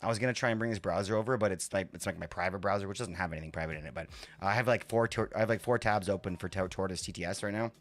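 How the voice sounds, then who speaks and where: Man, live-stream host, casual rambling chat, somewhat low pitch. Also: rapid-fire. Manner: rambling, chatty, jumps between chat and setup. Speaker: livestream host.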